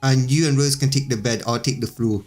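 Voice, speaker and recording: A man's voice: medium pitch, steady tone, brisk, a little mellow, faint music behind, natural voice. Defiant boy hero, read plainly by a man, protective and blunt.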